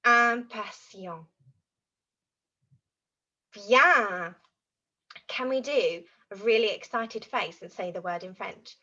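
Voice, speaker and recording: A woman teaching French to young children in an animated, exaggerated way, acting out feelings as she goes. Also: medium pitch, slow pace, pauses often, lo-fi sound. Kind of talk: children's language lesson.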